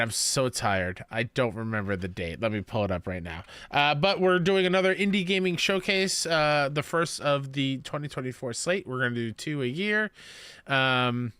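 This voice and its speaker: A man's voice: mid-range voice, normal speed, bright, forceful tone, smooth, dry recording. A man co-hosting a podcast in casual chat, upbeat as he promotes things. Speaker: podcast co-host.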